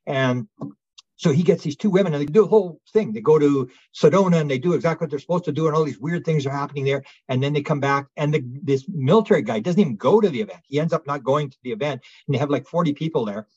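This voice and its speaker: A man with a husky, breathy voice recounts a story as an interview guest, animated and full of restarts. The sound is dry and close, with a slightly dull, lo-fi tone. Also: fairly high pitch, fast talker, dry recording. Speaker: guest researcher.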